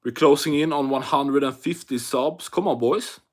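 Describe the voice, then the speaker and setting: A man's voice: medium pitch, normal speed, a little mellow. A Swedish man with a Swedish English accent, chatting casually and profanely on an MMA livestream while reading chat aloud. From Sweden.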